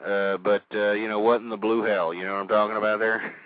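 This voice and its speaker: A man hosting a call-in internet radio show, ranting vulgarly and shouting with passion. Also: lowish voice, moderate pace, dry recording, phone-quality sound. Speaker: radio talk show host.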